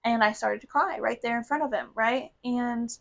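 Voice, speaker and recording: A woman's voice: fairly high pitch, normal speed, gravelly, low-quality recording. A young woman co-hosting a podcast, talking candidly and earnestly in a casual heart-to-heart chat, often repeating phrases in runs. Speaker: podcast co-host.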